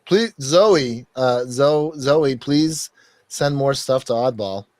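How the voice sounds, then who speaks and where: A man's voice: mid-range voice, expressive, takes it slowly, darkish tone, no room sound. A man hosting a podcast in casual chat, reading contributor bios aloud in a rambling, joking way that is full of swearing and laughter. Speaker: podcast host.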